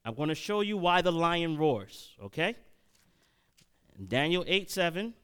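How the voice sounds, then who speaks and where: A man leads Bible study as a preacher, with a smooth, resonant voice that sits a little high. He reads verses slowly, then rushes ahead and asks the room to answer him. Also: expressive, a bit bright. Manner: reads scripture slowly, then preaches fast with questions to the congregation. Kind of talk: sermon-style Bible teaching.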